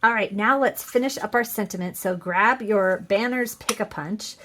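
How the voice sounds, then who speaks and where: A middle-aged woman chatting her way through a card-making tutorial, upbeat and full of fillers and quick self-corrections. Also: mid-range voice, fairly bright tone. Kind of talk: casual crafting tutorial.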